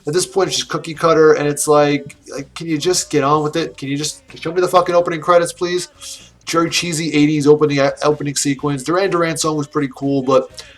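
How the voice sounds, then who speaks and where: Male film reviewer, slightly higher voice, loose rambling delivery full of swearing and fillers. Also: steady tone, fairly quick. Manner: rambling, profane, laughing, with many restarts and fillers. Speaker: movie reviewer. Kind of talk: casual film review rant.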